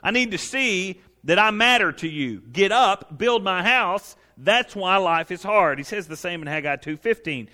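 A pastor preaching with a high, bright, forward voice. He drives his points home with emphatic rhetorical questions and speaks for God in the first person, pleading and reassuring his congregation. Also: animated, normal speed, few pauses. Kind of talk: sermon.

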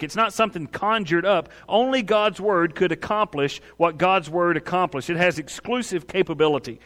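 A man preaching a sermon to his congregation, animated and emphatic, often calling out for an amen. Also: fairly high pitch. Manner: animated preaching with quick acted voices; asks the congregation for amens. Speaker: pastor.

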